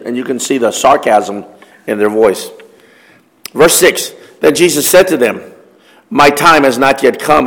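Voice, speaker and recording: A man preaches in a mid-pitched voice, reading scripture and then unpacking it in plain talk. He keeps asking the listeners questions as he goes. His voice rings out with the long reverb of a large hall. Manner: reads scripture aloud then explains it conversationally, posing questions. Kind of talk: Bible study sermon.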